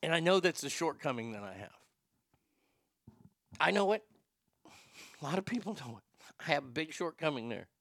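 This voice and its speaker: A man's voice: fairly high pitch, very animated, normal speed, long pauses, fairly bright tone, no room sound, studio quality. A man hosting a talk show, ranting profanely as he tells fired-up stories. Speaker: radio show host.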